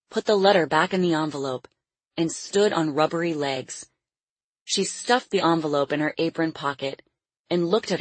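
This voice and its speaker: Audiobook narrator, woman, low husky voice, dry and close. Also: dry recording. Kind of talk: scripted narration.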